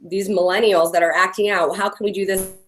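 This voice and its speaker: A woman's voice: mid-range voice, steady tone, brisk. A woman from the Bay Area with a Californian accent, co-hosting a casual chat and filling her speech with "like" and "you know". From San Francisco Bay Area. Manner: chatty, heavy use of "like" and "you know". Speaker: podcast co-host.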